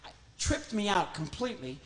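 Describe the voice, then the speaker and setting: A man's voice: high voice, very animated, moderate pace. A man performing family-friendly stand-up as a ventriloquist. He talks in a chatty, playful way and often pokes fun at himself, with a faint hum of noise behind him. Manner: chatty, self-deprecating, playful. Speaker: ventriloquist comedian.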